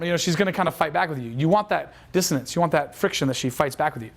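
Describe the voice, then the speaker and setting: A man's voice: a little high, rapid-fire, creaky. A man giving a casual instructional talk as a dating coach, rambling with restarts and acting out quoted lines.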